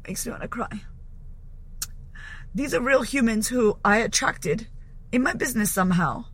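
A woman talks straight to her listeners in a solo podcast monologue, blunt and fired up. She coaches business owners and drops swear words freely to hammer her points home. Her voice sits at an ordinary middle pitch for a woman. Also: fairly bright tone.

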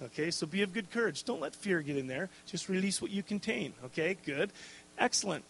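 A man's voice: fairly high pitch, expressive, moderate pace, fairly bright tone. A man preaching a casual, conversational sermon, checking in with "okay?" and adding jokey asides. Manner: conversational, tags lines with "okay?" and "right?".

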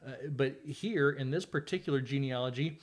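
A man's voice: medium pitch, moderate pace. A man hosting a podcast, chatting casually about scripture with a guest, conversational and sometimes sarcastic. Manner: conversational, with fillers and dry sarcasm. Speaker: podcast host. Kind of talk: casual Bible study chat.

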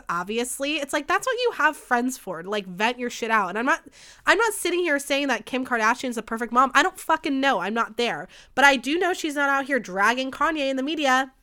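A young woman hosting a podcast, ranting in a casual, profane, gossipy way with fast bursts and a lot of heat. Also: sits high, bright, forceful tone, smooth. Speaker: podcast host. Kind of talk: casual solo podcast rant. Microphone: studio microphone.

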